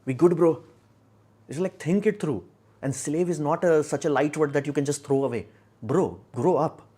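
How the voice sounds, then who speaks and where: A man's voice: on the high side, normal speed, mellow, slightly rough. A young man from India hosting a casual livestream, talking in a blunt, argumentative, rambling way. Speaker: live stream host.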